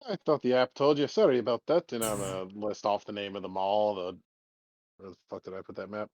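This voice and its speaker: A man with a fairly low voice, talking bluntly and swearing his way through a tabletop game. The recording sounds dull and lo-fi. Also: brisk, dry recording. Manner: profane, blunt, animated. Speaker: player. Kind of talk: casual tabletop role-play chat.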